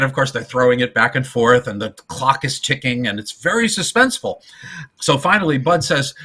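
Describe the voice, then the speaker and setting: Male podcast co-host, bright husky voice, animated storyteller, casual film chat. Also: mid-range voice, normal speed. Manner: animated retelling, acting out quotes in voices.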